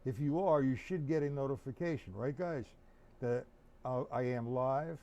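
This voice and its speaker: A man's voice: medium pitch, moderate pace, mellow. A man teaching rudiments on a live-streamed drum lesson, counting beats aloud and chatting with viewers by name. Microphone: streaming setup. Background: snare drum playing.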